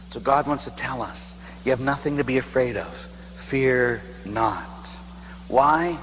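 A man's voice: medium pitch, normal speed, fairly bright tone. A man who is a priest, preaching in a conversational storytelling way with self-mocking humor. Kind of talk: storytelling sermon. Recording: echoey hall with faint hum.

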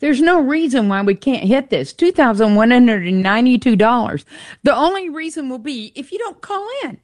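A woman co-hosting a radio pledge drive, upbeat and teasing, repeating the phone number slowly for listeners. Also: on the high side, sing-song, darkish tone, no echo, studio quality. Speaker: radio fundraiser co-host.

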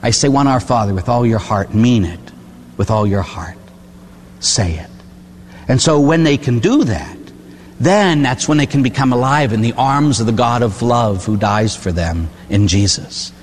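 A man's voice: mid-range voice, animated, normal speed, big-room sound, slight background noise. An older man from Pittsburgh, a priest preaching a sermon in a folksy storytelling way, asking "huh?" and acting out voices. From Pittsburgh, USA. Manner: folksy storytelling, tag questions, acts out voices.

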